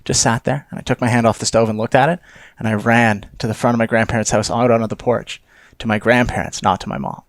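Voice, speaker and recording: A man's voice: mid-range voice, fairly even intonation, fast, no room sound. A young man co-hosting a podcast, telling a story animatedly and swearing casually. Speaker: podcast co-host.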